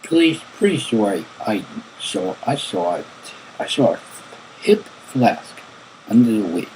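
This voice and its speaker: A man voicing a surly, boastful male cartoon rock bassist stuck in prison, reading his lines from an interview aloud in a blunt, grumbling way. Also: animated, slow, a little mellow, a little hiss or hum, low-quality recording.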